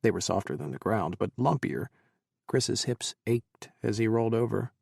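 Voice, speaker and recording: A man narrating an audiobook in an even, measured reading. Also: fairly low pitch, gravelly, slightly rough, dry recording, studio quality. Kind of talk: scripted narration.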